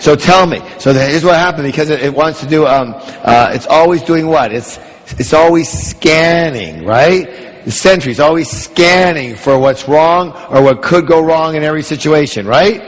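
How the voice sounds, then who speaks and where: A man's voice: on the high side, moderate pace. A man giving a motivational seminar talk in a large hall, driving the audience with call-and-response questions. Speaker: motivational speaker.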